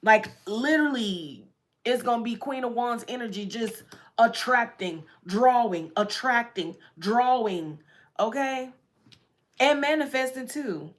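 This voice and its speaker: A woman's voice: on the high side, expressive, a little slow. A woman giving a casual tarot reading, chatty and repetitive, often breaking into laughs. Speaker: tarot reader.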